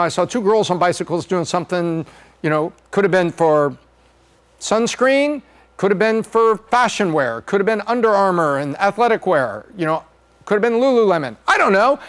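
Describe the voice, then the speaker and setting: A man hosting a podcast, talking casually through slides and acting out little jokey voices. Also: high voice. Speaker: podcast host.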